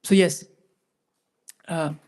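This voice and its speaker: A man leading a scripture class, chanting Sanskrit verses slowly and then explaining them casually with many fillers. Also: a little mellow. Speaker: class speaker.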